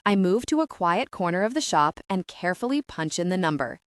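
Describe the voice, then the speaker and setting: A woman narrates a comedy audiobook in the first person, gushing and excitable. Her pitch swings widely as she reads. The recording is dry and close to the mic. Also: a little fast, no room sound.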